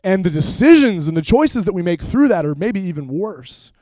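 Young guy youth pastor, jokey animated storytelling, high voice, dry sound. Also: moderate pace, no echo. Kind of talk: sermon with personal story.

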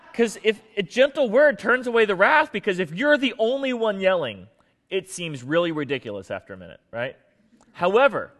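A man with a slightly high voice preaches in a casual, joking way, full of fillers and self-mocking asides. His voice carries a long reverb from the large hall he speaks in. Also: fairly bright tone. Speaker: pastor. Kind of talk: humorous storytelling sermon.

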